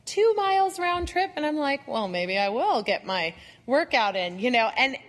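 At a moderate pace, a high-pitched woman in her thirties or forties recounts a funny personal episode to a Bible study group, the sound carrying a big-room quality. She's animated and pokes fun at herself, acting out her own grumbles and asides.

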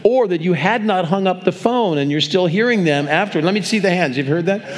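A man's voice: high-pitched, animated, brisk. An older man giving a sermon as a pastor, telling stories in a conversational way and often restarting and repeating words. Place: church, speaking to a congregation.

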